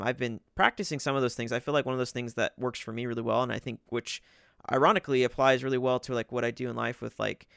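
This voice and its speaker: A young podcast co-host explains his ideas slowly and thoughtfully, with plenty of fillers. His voice is gravelly yet smooth and clear. The sound is dry and close, with no room echo. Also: medium pitch, fairly bright tone. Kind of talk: casual podcast chat.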